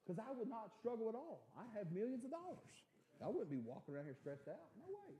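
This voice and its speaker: A man preaching a sermon in a church, swinging from shouted preaching to quiet, soft-spoken storytelling, often repeating and restarting words. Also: high-pitched, big pitch swings, a little fast, a little hiss or hum. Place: church sanctuary.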